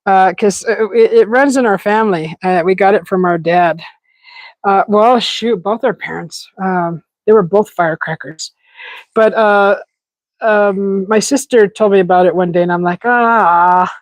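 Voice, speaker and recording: A woman chats with her livestream viewers from a desert yard in a loose, giggly way, with plenty of restarts. She speaks at normal speed in a medium-pitched voice. The recording is dry and low in quality.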